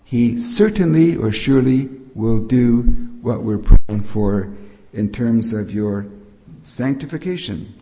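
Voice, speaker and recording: A man's voice: mid-range voice, lively intonation, slow, warm tone. An older man giving a patient, explanatory Bible teaching sermon as a preacher. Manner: explanatory, patient, with frequent restarts. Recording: long reverb of a hall.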